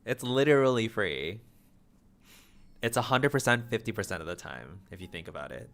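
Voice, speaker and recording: Fast-talking low-voiced male streamer. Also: expressive, vocal fry, fairly bright tone. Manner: stutters and mumbles, repeats words. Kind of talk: casual live-stream chat with viewers.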